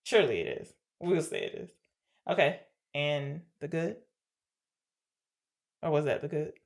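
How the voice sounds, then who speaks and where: Chatting casually about an old film on a podcast she co-hosts, a woman explains the segments and argues playfully. Her voice sits low with vocal fry, animated yet unhurried.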